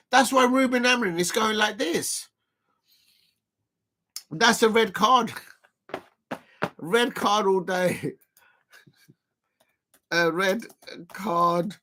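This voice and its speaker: Excitable man, bright voice. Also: high-pitched. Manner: chatty and excitable, breaks into shouting at big moments; exercising between remarks, counting out reps. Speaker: livestream watch-along host. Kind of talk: casual live football watch-along commentary.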